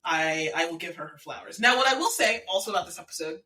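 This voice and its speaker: A woman co-hosting a podcast in casual chat, telling stories with emphatic, animated delivery. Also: on the low side, fast talker, hardly any pauses, far from the mic, low-quality recording. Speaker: podcast co-host.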